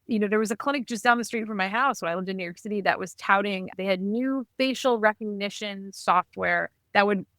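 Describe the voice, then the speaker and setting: A woman guest on a podcast, telling a personal family story in an animated, conversational way. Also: medium pitch, moderate pace, dry recording. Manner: animated, acts out quoted dialogue.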